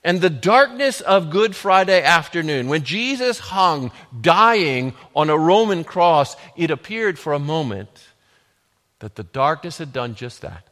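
A man preaching a sermon, building from quiet, measured lines to loud, emphatic declarations. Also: fairly high pitch, expressive. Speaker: pastor. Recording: long hall reverb.

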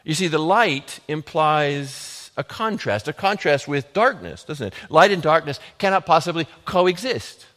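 A man preaching a sermon, building from quiet, measured lines to loud, emphatic declarations. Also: a little high, animated. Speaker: pastor. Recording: long hall reverb.

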